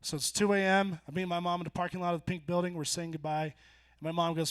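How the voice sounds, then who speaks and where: A young man in his twenties performing a stand-up set on a bar stage, telling stories deadpan and then jumping into loud punchlines. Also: sits high, fast, clean tone. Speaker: stand-up comedian. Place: bar stage before a live audience.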